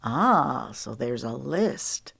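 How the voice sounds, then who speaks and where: A woman narrator voicing an easygoing young man who talks in a soft, teasing way. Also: extremely low pitch, sing-song, very slow, vocal fry, breathy edge, dry recording, studio quality, pitched below the performer's own voice, heavily acted.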